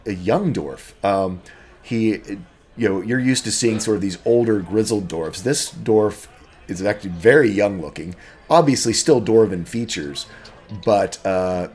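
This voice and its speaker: A man's voice: fairly low pitch, normal speed, a little mellow, slightly rough, soft background music. A man narrating as game master of a tabletop game, describing scenes in a rambling, hesitant way full of fillers.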